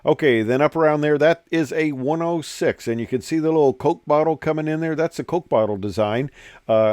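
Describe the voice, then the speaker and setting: A man's voice: mid-range voice, darkish tone, no echo. Older man, former pilot, casual rambling talk, lots of fillers, dry close sound. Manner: rambling, many fillers and restarts. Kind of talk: casual talk over pictures.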